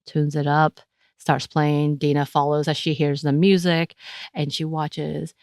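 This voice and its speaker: A woman with a low voice recaps a TV episode on a podcast in a chatty, animated way. She often restarts her sentences. The sound is dry and close. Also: unhurried, dry recording. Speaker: podcast co-host. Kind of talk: casual chat recapping a TV episode.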